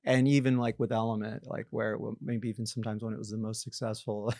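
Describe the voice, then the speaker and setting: A middle-aged man, founder of a company, spins self-deprecating anecdotes as a podcast guest, acting out others' thoughts in different voices amid frequent laughter and restarts. His voice is low and darkish, flat in delivery and fast, captured in studio quality without room sound.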